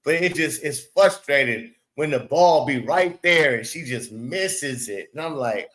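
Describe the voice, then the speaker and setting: A man's voice: on the high side, animated, measured pace, hardly any pauses, a bit bright, rough recording. A man hosting his own show, giving casual basketball commentary in blunt, profane, exasperated rants and repeating words for emphasis. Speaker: sports show host.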